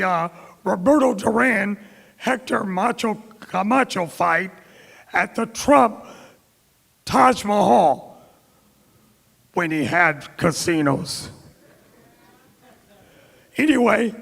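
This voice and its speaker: His voice sits high, creaky and fairly bright. A middle-aged man from Tampa, Florida, he gives a keynote in a reverberant hall, spinning anecdotes and performing the lines of the people in them.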